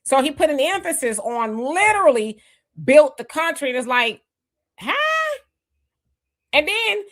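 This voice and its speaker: Chatting casually as a livestream co-host, this American woman reads out viewer comments and says hello to people by name. She speaks at a normal speed in a high, expressive voice.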